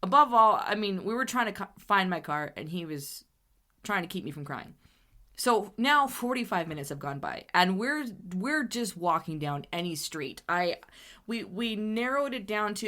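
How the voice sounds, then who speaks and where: A woman podcast host telling a funny personal story in a chatty, animated way, laughing often as she goes. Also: medium pitch. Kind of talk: storytelling monologue.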